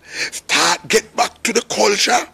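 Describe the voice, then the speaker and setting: A man's voice: high voice, takes it slowly, vocal fry, pushed and bright, slight background noise. A man with a Jamaican accent makes an impassioned spoken appeal in a preaching, urgent way, sometimes slipping into sung phrases. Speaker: reggae artist.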